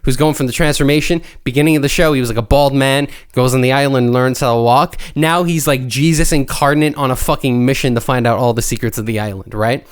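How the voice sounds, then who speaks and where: A man's voice: mid-range voice, a little fast, few pauses, clean tone. Young man rambling through a story. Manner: rambling, profane, excitable storytelling. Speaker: podcast co-host. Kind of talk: casual chat.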